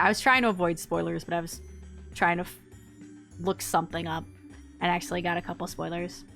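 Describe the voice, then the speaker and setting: A woman's voice: fairly low pitch, a bit bright. A woman game streamer chatting casually, reacting aloud and laughing while she plays. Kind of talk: casual gameplay commentary.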